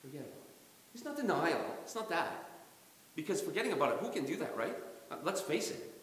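Male pastor preaching, kinda higher voice, lively, acts stuff out, huge church echo. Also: a little fast, a little hiss or hum. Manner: animated, acts out quotes, chuckles often. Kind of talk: sermon. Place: church sanctuary during a service. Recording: very echoey hall reverb.

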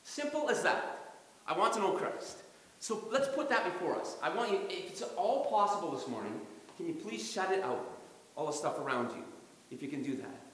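A man preaching a sermon as pastor in a church, animated, acting out quotes and chuckling often. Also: high-pitched, a little fast. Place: church sanctuary during a service. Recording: very echoey hall reverb.

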